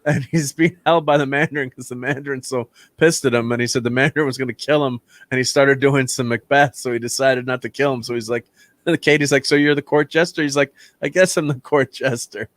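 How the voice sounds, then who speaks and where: A man's voice: mid-range voice, steady tone, fairly quick, no room sound. A man hosting a casual film review chat, rambling with lots of fillers and restarts and laughing often. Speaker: channel host, film reviewer.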